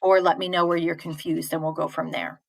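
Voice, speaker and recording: A woman's voice: low-pitched, level tone, fairly quick, gravelly, no room sound, rough recording. A woman teacher giving a live online poetry lesson, answering chat questions in a patient, informal way with fillers and restarts.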